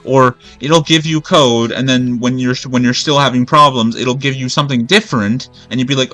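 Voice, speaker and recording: A man's voice: medium pitch, fairly quick, fairly bright tone, soft background music. A man streaming a video game and ranting in a rambling, profane, exasperated way. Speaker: gaming streamer. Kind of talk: gameplay commentary rant.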